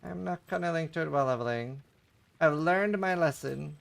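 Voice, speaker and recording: Gravelly man streaming a game. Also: fairly high pitch, moderate pace. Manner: relaxed, chatty, answers chat between plays. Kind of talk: casual live-stream commentary.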